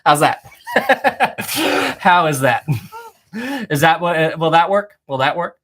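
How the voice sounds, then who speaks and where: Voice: mid-range voice, expressive, takes it slowly, fairly bright tone. A live-stream host chatting casually and answering the chat, often repeating phrases.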